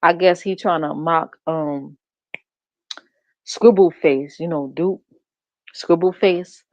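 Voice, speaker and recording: A woman streamer drawls through profane, mocking gossip commentary, laughing often. Her voice sits a little low and the audio is dry and slightly muffled. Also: slow pace, dry recording. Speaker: reaction streamer.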